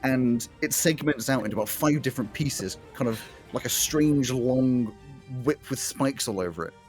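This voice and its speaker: A man's voice: medium pitch, normal speed, a little mellow, soft background music. A man narrating a tabletop game as the game master in a laid-back manner. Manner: laid-back, chuckling often.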